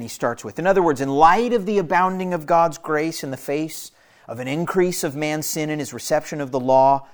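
A man preaching through a scripture passage in an earnest, emphatic way, his voice sitting a bit higher than most men's. He repeats his key phrases to press each point home. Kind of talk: expository sermon.

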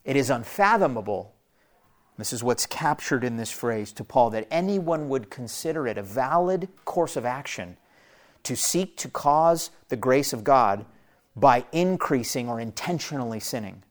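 A man's voice: medium pitch, animated, normal speed. A man preaching an expository sermon, earnest and emphatic, repeating key phrases for weight.

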